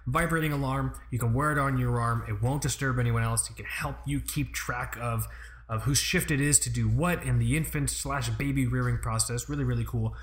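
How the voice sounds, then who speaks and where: A man in his thirties hosting a podcast in a casual, rambling chat, full of swearing and quick asides. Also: medium pitch, a bit bright. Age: 30s. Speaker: podcast host.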